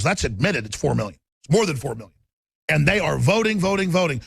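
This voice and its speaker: A man hosting a talk show, ranting forcefully and quickly with stammering restarts. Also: fairly high pitch, big pitch swings, creaky, slightly rough, no room sound. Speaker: radio talk show host.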